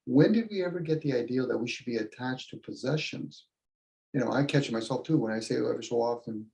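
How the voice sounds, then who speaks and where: A man co-hosting a loose philosophical talk show, voice gravelly and low in brightness. He talks in an animated way and slips into quoted back-and-forth while making his point. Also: fairly quick, low-quality recording. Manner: animated, acts out quoted dialogue. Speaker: co-host. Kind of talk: casual philosophical chat.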